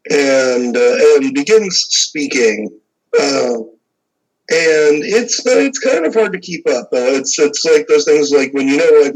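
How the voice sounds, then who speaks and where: A man's voice: medium pitch, rough recording. A man narrating as game master, describing scenes in a rambling way full of fillers.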